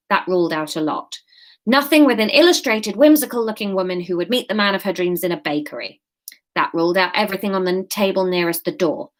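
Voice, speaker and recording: A woman in her thirties reading her own story aloud, with playful, self-mocking asides. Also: medium pitch.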